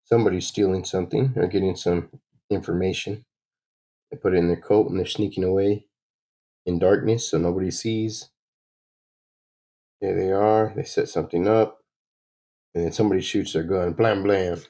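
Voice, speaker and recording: A man with a very low voice chats his way through a comic, guessing aloud at what each panel shows. He tosses in little sound effects as he goes. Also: steady tone, normal speed, long pauses, warm tone, rough recording. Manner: musing, adds sound effects. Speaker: host reading comics. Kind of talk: casual comic read-along.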